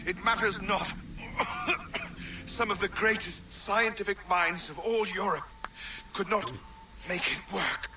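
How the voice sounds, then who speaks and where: An actor playing a defiant, dying male enemy who shouts and coughs at an assassin in a video game. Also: high voice, expressive, takes it slowly, exaggerated voice. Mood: scornful. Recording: game audio with loud noise.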